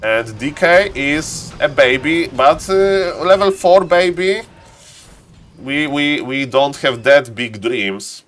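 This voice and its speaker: A man giving live esports commentary, excitable and playful, bursting into high exclamations and joking asides. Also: unhurried. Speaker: game caster.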